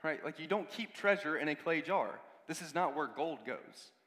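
A man's voice: fairly high pitch, animated, moderate pace, a bit bright. Guy preaching a chatty sermon, lots of asides, long echo from the hall. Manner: conversational, with many asides and repeated words.

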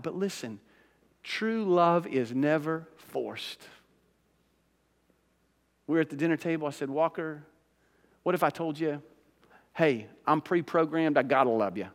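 Emphatic pastor in a reverberant sanctuary. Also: male voice, fairly high pitch. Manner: emphatic, conversational preaching with rising bursts. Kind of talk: sermon.

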